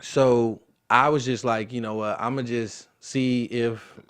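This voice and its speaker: A man's voice: medium pitch, steady tone, slow, clear, resonant tone. A young man in his twenties, an interview guest and football player, telling a story casually and acting out the voices of the people in it.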